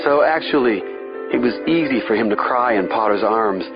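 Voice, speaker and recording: A man's voice: medium pitch, animated, moderate pace, lo-fi sound, over music. A man giving a dramatic, tense scripted thriller narration. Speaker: audiobook narrator.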